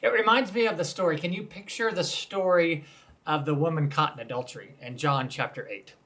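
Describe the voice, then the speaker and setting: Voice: mid-range voice, brisk, fairly bright tone. A pastor giving a conversational Lenten sermon, retelling scripture scenes vividly and inviting listeners to picture them.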